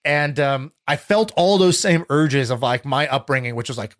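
A man's voice: medium pitch, normal speed, fairly bright tone. A young man telling stories in casual conversation, rambling with lots of filler words and restarts.

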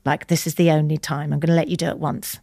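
Low-voiced woman telling a tender story. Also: level tone, fast, creaky, darkish tone, no echo. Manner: candid, tender, chatty, acts out quoted lines in whispers. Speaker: guest. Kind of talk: emotional personal storytelling.

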